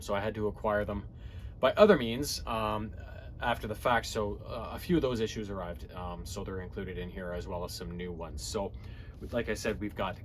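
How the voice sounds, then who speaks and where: Casual male comic reviewer, lowish voice, rambling recap with fillers, faint background hiss. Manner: rambling, loose recap with many fillers and restarts, quick quoted asides.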